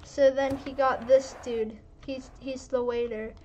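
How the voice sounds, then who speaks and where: A woman's voice: high voice, flat delivery, unhurried, background noise. A woman narrating gameplay in a rambling casual way, restarting sentences and dropping in pirate "yar" fillers. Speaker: gaming video narrator.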